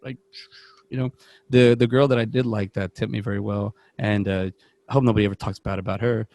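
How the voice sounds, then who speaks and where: A man's voice: fairly low pitch, fairly even intonation, a little fast, creaky, a little mellow, no room sound. A young man, co-host of a podcast, telling rambling stories in casual chat and acting out the voices of people he quotes. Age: young adult.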